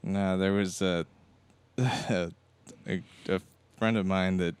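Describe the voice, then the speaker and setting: Deep-voiced laid-back man chatting. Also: fairly even intonation, takes it slowly, smooth. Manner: laid-back storyteller, laughs often. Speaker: podcast co-host. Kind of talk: casual chat.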